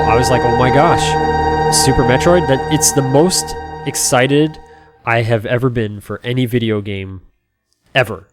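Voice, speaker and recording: A man in his thirties, a game streamer, telling a casual story that rambles with plenty of "you know" and "like". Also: medium pitch. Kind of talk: casual storytelling while playing.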